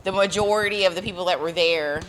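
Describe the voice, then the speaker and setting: A woman's voice: lowish voice, quick pace, a bit bright, a little hiss or hum. A woman in her thirties in casual conversation, telling rambling stories with lots of fillers and laughter. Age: 30s. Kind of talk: casual chat.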